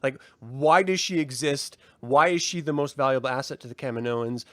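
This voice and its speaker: A man co-hosting a casual review podcast, talking in an animated way, swearing and mocking in impressions. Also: medium pitch, normal speed, no echo. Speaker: podcast co-host.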